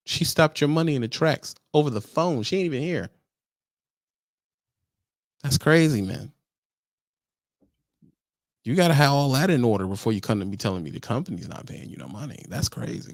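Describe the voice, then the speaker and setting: Trucker lecturing a trainee: gravelly man, swooping animated delivery, exasperated, preachy. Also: medium pitch, a little fast, long pauses, dry recording, clean studio sound. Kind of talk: casual vlog rant.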